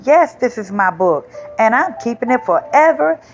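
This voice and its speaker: A woman's voice: on the high side, big pitch swings, moderate pace, soft background music, voice pushed up. A woman voicing a small, boastful, possessive male seed in an emphatic, sing-song storybook delivery, on slightly dull lo-fi audio. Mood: indignant.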